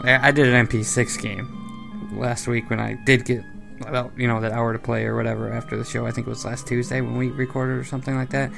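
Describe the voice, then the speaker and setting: A man's voice: medium pitch, little pitch movement, fast, creaky, over music. A young man co-hosting a casual gaming podcast, rambling with fillers and laughing often. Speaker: podcast co-host.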